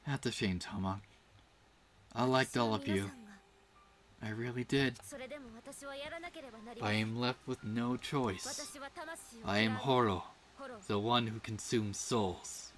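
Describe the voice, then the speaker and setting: A woman voicing a solemn ancient female demon slayer who consumes souls, speaking gravely and with resolve. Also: extremely low pitch, takes it slowly, long pauses, a crowd in the background. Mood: cold resolve.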